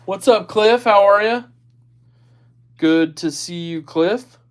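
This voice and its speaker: A man chatting casually on his own livestream, speaking in a somewhat higher voice. He reads viewer comments aloud and drifts into quick, apologetic asides. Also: smooth. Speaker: livestream host.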